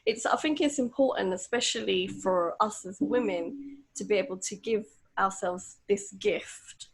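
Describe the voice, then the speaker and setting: Woman host, husky voice, encouraging, lots of agreeing. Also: medium pitch, unhurried, rough recording. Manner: encouraging, frequent agreeing interjections. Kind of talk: conversational interview.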